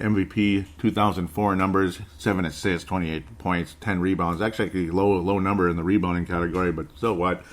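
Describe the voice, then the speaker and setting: A man in his forties hosting a basketball show, ranting sarcastically about a game in casual commentary. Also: lowish voice. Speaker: basketball podcast host.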